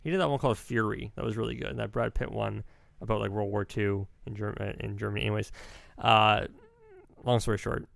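Young male podcast co-host; quick, rambling, opinionated delivery in a dry, close sound. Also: lowish voice, steady tone, creaky, fairly bright tone, no room sound. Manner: rambling, self-correcting, opinionated. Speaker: podcast co-host reviewing films. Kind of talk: casual chat.

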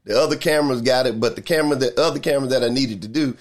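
Older pastor guy preaching, keeps repeating himself for emphasis, slows way down on the big lines. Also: medium pitch. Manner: repetitive, emphatic preaching with drawn-out pauses. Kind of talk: sermon.

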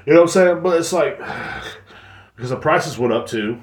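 A man's voice: a little high, expressive, normal speed. A man hosting a solo podcast, ranting bluntly and profanely with lots of fillers and restarts. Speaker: podcast host. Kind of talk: solo rant, casual monologue. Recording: echoey room.

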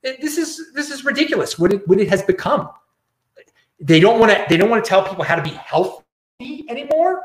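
A man's voice: sits high, big pitch swings, a little fast, echoey room. A man hosting his own show, ranting in casual commentary and often repeating and restarting words. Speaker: show host.

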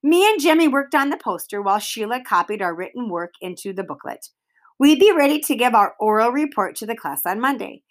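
A woman reading a children's novel aloud in an expressive storytelling way. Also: on the high side. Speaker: reader.

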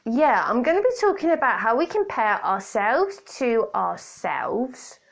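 A British woman with a fairly high, creaky, very animated voice speaks at a measured pace. She hosts a casual solo podcast, chatty, playful and self-mocking, recorded on a borrowed hands-free kit headset.

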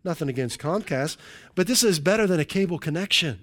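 A man preaching with a lively, somewhat high-pitched voice. He keeps up a sermon full of hallelujahs and quick jokes to the room, checking in with "right?" between points. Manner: jokey asides to the congregation. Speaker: pastor.

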